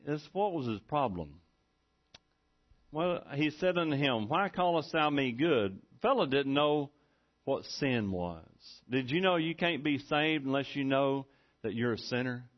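A man's voice: medium pitch, animated, measured pace. A middle-aged man preaching a sermon in a folksy, storytelling way, often laughing as he talks. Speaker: pastor. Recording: muffled lo-fi recording.

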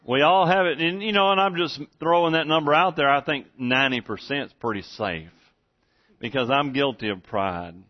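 A man's voice: mid-range voice, moderate pace. A man preaching a sermon in a church, earnest and repetitive, often restarting his sentences. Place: church room with congregation. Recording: dull lo-fi sermon recording.

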